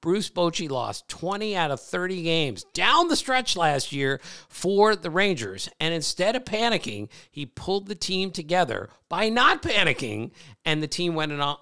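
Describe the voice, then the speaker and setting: A man's voice: on the high side, big pitch swings, moderate pace, creaky, pushed and bright, clear, resonant tone. A middle-aged man hosting a podcast, telling stories in casual chat and laughing often. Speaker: podcast host, baseball reporter.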